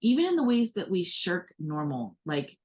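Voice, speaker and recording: Co-hosting a casual podcast, a woman from the United States speaks at a moderate pace in a voice on the low side, darkish in tone with big pitch swings. She sounds earnest and reflective, using many fillers and restarts.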